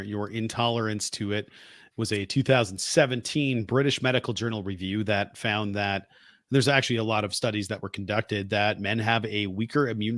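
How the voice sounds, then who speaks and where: A man's voice: lowish voice, a bit bright, no echo, studio quality. A man co-hosting a podcast in casual chat, telling stories in a chatty, self-deprecating way while getting over a cold. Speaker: podcast co-host.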